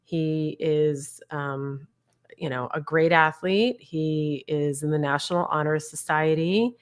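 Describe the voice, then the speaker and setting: Speaking slowly in a low, clear, resonant voice, a mother in her forties appears as a guest on a video-call interview and frankly shares her family's story about her bullied son, conversational and laughing lightly.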